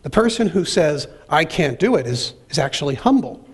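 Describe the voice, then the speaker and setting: A man's voice: on the high side, big pitch swings, normal speed, slightly rough. A man preaching a sermon and reading scripture aloud, with dramatic pacing and emphatic, acted-out quotes. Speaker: pastor.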